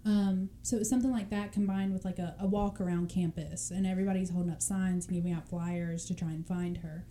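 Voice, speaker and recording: A young woman tells a crime story in a loose, chatty way, slipping into quick voices for the people in it and laughing often. Her voice is dark and mellow in tone. A faint hiss sits under the recording. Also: on the low side, fairly even intonation. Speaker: podcast co-host telling a true crime story. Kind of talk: casual chat storytelling.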